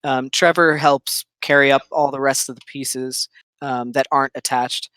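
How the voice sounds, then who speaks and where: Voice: mid-range voice, steady tone, moderate pace, fairly bright tone, smooth, no echo. A game master narrating a tabletop game in an easygoing way, with frequent fillers.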